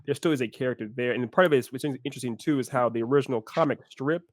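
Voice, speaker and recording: A man co-hosting a podcast in a casual discussion, enthusiastic and animated, with some restarts. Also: medium pitch, racing, no echo, clean studio sound. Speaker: podcast co-host.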